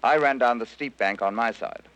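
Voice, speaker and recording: A man, a former prisoner of war, giving a measured, scripted first-person account for radio. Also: medium pitch, a bit bright. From Britain. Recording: dull archival radio recording.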